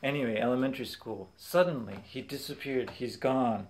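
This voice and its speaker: A young man casually telling funny stories from his childhood, animated and quick to laugh. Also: medium pitch. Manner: animated, acts out voices in quotes, laughs often. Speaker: vlogger. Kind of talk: casual storytelling.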